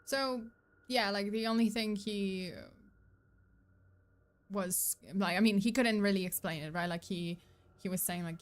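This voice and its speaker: A woman's voice: mid-range voice, measured pace, pauses often. A woman streamer casually commenting on videos, rambling with many fillers and self-corrections. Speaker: streamer host.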